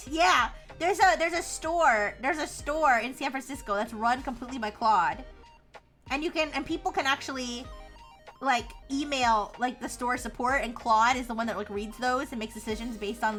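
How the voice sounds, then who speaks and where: A woman's voice: sits high, pushed and bright. A young woman streaming live, reading posts aloud in casual commentary with sarcastic asides. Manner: reads text aloud with frequent laughs and sarcastic asides.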